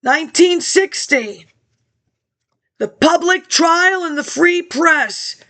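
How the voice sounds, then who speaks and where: A woman's voice: very high voice, animated, slow, sharp tone. A woman rambling through old archive documents in a scattered monologue, answering herself in asides. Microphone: laptop webcam.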